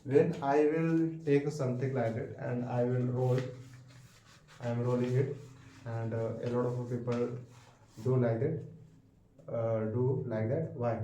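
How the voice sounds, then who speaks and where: A man with an Indian English accent teaching a physics lesson, halting and repetitive, asking the class questions. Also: mid-range voice, warm tone. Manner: halting, repeats words and restarts, asks questions. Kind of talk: classroom lecture. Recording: echoey room with faint background hiss.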